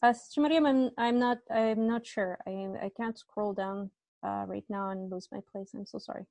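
A woman teaching Arabic grammar in an online class, chatty and quick to correct herself, often checking that the class agrees. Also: medium pitch, fairly even intonation, vocal fry, darkish tone, dry recording. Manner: chatty, self-correcting, asks class to confirm.

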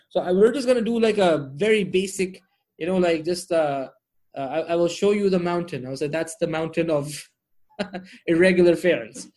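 A man's voice: fairly high pitch, darkish tone. A man teaching Arabic grammar online, drilling word forms and checking in with his students often.

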